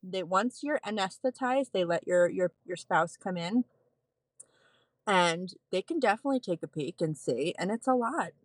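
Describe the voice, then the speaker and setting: A woman in her thirties, a postpartum nurse, telling a candid personal story as a podcast guest, animated and laughing often. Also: on the low side, normal speed, no echo.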